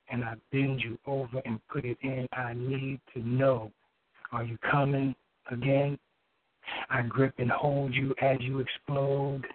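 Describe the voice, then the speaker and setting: A man calls in and recites a spoken-word poem in a middle-pitched voice, stopping now and then to restart with fillers. The sound is thin and phone-like, with no room in it at all. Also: no room sound. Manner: halting, with many fillers and restarts between lines. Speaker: caller reading his poem. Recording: tinny phone line.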